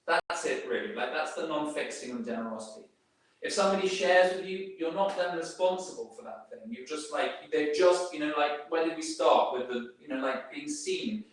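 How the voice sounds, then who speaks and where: Recorded from a distance in a heavily echoing room, a man gives a casual workplace talk to a group. His voice is on the high side with lively intonation at normal speed, and he rambles with many fillers and false starts.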